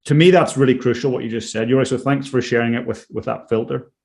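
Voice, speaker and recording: A man's voice: medium pitch, steady tone, quick pace, gravelly, darkish tone. A man co-hosting a lesson from the drummer's side, adding points and eagerly affirming his partner. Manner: enthusiastic, affirming. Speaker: drumming co-host. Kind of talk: conversational lesson.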